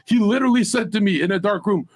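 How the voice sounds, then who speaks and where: A man on a streamed panel telling a long crude story, loud and profane, laughing as he goes. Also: sits high, quick pace. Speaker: panel guest.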